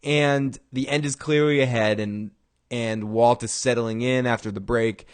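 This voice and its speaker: A man in a middle-pitched voice hosts a casual recap show. He rambles through the story with restarts, light chuckles and sudden bursts when he acts out a line. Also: fairly even intonation, unhurried, clean tone. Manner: acts out quoted lines in bursts of raised voice. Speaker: show host recapping a TV episode. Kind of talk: casual chat.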